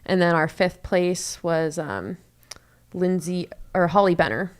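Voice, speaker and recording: A woman's voice: lowish voice, animated, measured pace. A young woman commentating a live running race in a chatty way, with many fillers as she runs through splits and standings.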